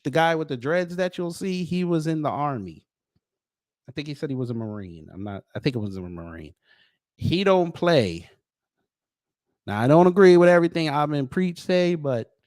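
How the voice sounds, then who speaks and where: A man hosting a casual commentary stream in an animated way, greeting viewers by name, recorded close and dry. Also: medium pitch, no room sound. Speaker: YouTube commentary host.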